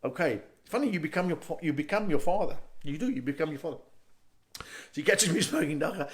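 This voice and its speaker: A middle-aged man with a South African accent performing a stand-up comedy set, an animated storyteller who jumps into loud character voices. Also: fairly high pitch, quick pace. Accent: South African English.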